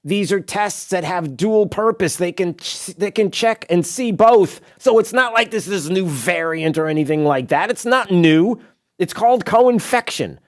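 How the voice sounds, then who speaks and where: Talk radio host, male, sarcastic and rambling, lively pitch. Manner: sarcastic, animated, rambling with asides. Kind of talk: opinionated talk radio monologue. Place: radio studio.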